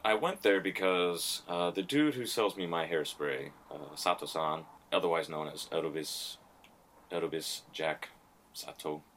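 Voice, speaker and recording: A man with a very low voice chats casually on a podcast. He rambles through long anecdotes and laughs often. Faint room ambience sits under his voice. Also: unhurried, a bit bright, slight background noise. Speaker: podcast host. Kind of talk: casual chat.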